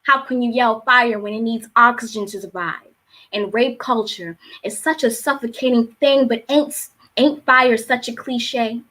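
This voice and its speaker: Bright-voiced Baltimore woman poet. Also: on the high side, fairly even intonation, unhurried. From Baltimore, USA. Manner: rhythmic, emphatic poetry delivery. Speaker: spoken word poet. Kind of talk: spoken word performance and casual chat. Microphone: streaming on a live online show.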